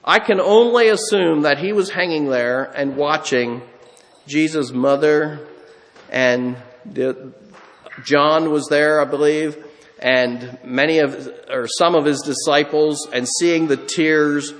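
High-voiced preacher in a reverberant hall. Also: male voice, slow. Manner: earnest, acts out quotes, rises in pitch when moved. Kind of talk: sermon.

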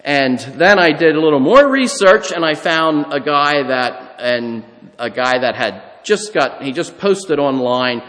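A man's voice: on the high side, animated, a little slow, fairly bright tone, long reverb tail. A man preaching a sermon, moving from a folksy, conversational personal story into a teaching on scripture. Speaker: pastor.

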